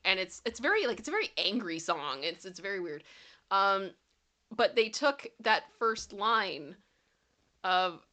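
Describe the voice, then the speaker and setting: Bright giggly woman chatting casually. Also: medium pitch, sing-song, a little slow. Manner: giggly, breaks into frequent laughter and sung snippets. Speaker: pop culture commentary host. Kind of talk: casual livestream chat reading viewer comments.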